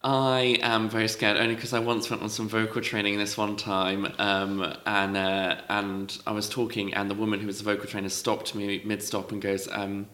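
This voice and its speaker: A man's voice: on the low side, little pitch movement, normal speed, hardly any pauses, sharp tone. A man telling a self-conscious story with lots of laughter on a podcast in a church hall. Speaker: podcast guest. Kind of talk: casual podcast chat.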